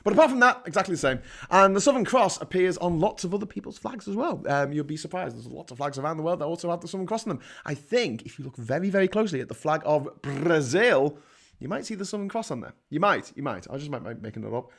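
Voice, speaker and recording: Scouse guy chatting on a livestream, jokey, goes off on tangents, bit higher pitched. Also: expressive, quick pace, gravelly, fairly bright tone. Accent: Liverpool. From Liverpool, England. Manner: rambling and jokey, reads out chat comments. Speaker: livestream host. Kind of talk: casual livestream chat.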